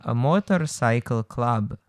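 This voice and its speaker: Mid-pitched man asking curious questions. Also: animated, takes it slowly, dry recording, studio quality. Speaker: podcast co-host. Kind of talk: casual chat.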